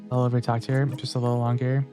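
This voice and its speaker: A man streaming a game, musing aloud to his chat and reading the story text out loud. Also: medium pitch, monotone, rapid-fire, music in the background. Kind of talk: game let's play with read-aloud text.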